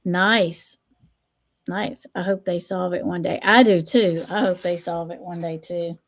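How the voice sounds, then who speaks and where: A woman hosting a casual livestream chat, who repeats her phrases, greets viewers and reads out their comments. She is still a little hoarse. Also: fairly low pitch, level tone, a little slow. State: recovering from hoarseness. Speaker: stream host and tarot reader.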